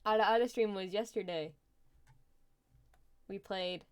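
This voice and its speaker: A woman's voice: mid-range voice, measured pace, clean tone. A young adult woman chatting casually on a live gaming stream, laughing often and thinking aloud while she plays.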